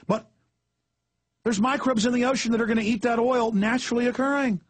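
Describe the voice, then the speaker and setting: A man's voice: very high-pitched, steady tone, brisk, dry recording. A middle-aged Texan man hosting talk radio with a Texan accent, ranting in a heated, emphatic way. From Texas. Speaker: radio host.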